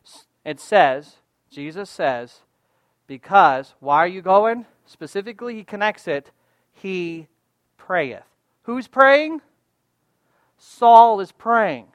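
A pastor preaching a sermon, reading scripture aloud and commenting on it, swinging between loud emphatic rises and soft asides. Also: mid-range voice, lively intonation, slow, no room sound.

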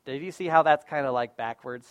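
A man preaching a sermon as a pastor, casual and conversational, often checking in with "right?" and moving between loud emphasis and quiet asides. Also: medium pitch, a little fast, smooth, no room sound.

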